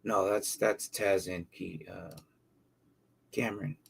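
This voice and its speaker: A man's voice: low-pitched, little pitch movement, takes it slowly, vocal fry, breathy edge. A man hosting a casual live stream, reading viewer questions and thinking aloud with plenty of fillers and repeated words. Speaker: livestream host answering fantasy football questions.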